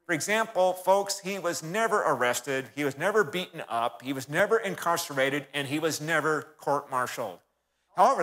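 A folksy man delivering a history talk from the front of a church, fairly high-voiced and bright. He keeps turning to his audience and calling them folks. A long reverb from the church hall hangs behind his voice. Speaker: guest speaker.

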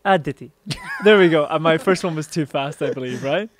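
Upbeat man hosting, slightly high voice. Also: fast. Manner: upbeat and joking, laughs often. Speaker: host. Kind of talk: casual interview.

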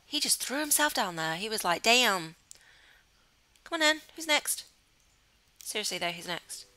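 A young woman talks over her gameplay at a desk mic in a bright, crisp voice. She chatters freely, giggles often and gushes over everything on screen. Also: mid-range voice, normal speed, no echo. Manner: chatty, giggly, gushing with excitement. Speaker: gaming channel host. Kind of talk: casual let's play commentary.

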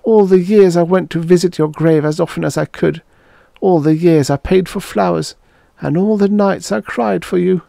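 A man voicing an elderly woman, a prim and devoted wife who speaks gently and pleadingly. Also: high voice, moderate pace, vocal fry, no echo, clean studio sound, pitched above the performer's own voice. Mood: grieving.

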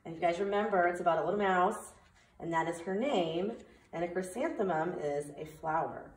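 A female preschool teacher with a fairly low-pitched voice speaks slowly and clearly to small children in a sing-song way, leading a remote circle time lesson and reading a story aloud. The mic is distant, giving a roomy sound.

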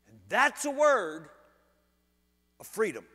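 A male preacher telling a story in a sermon, animated and humorous. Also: high-pitched, a little slow, pauses often, big-room sound. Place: church sanctuary.

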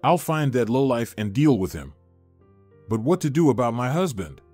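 A man's voice: mid-range voice, sing-song, moderate pace, darkish tone, no echo, faint music behind. A man reading as a wary, guarded wife. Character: anxious wealthy wife, adult woman, guarded.

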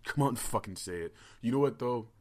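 A man's voice: mid-range voice, animated, brisk. A man co-hosting a podcast in casual chat, hesitant and swearing freely between his fillers. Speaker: podcast co-host.

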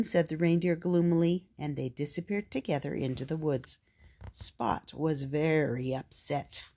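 An older woman reading a children's picture book aloud, gentle and expressive. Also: sits low, unhurried, slight background noise. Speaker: storyteller.

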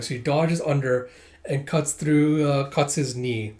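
A man's voice: a little high, fairly even intonation, warm tone. A man casually reading through a manga, narrating the panels play by play. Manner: quick play-by-play retelling. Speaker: manga reviewer.

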